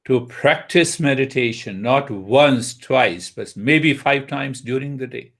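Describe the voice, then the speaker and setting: A man giving a spiritual talk on meditation as a teacher, unhurried, asking his listeners rhetorical questions. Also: medium pitch, fairly bright tone.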